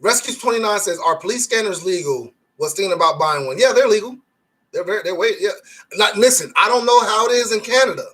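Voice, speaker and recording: A man hosts a casual live stream, reading viewers' comments and joking along. His voice is bright and slightly husky, pitched a little above the usual for a man. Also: animated, fast talker. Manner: joking, reads chat comments aloud, laughs often.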